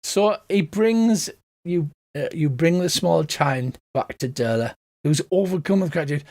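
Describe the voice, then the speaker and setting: A man's voice: on the high side, a little slow, a little mellow. A man as game master narrating a tabletop game in a casual, self-mocking way. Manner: casual, self-mocking about his accents.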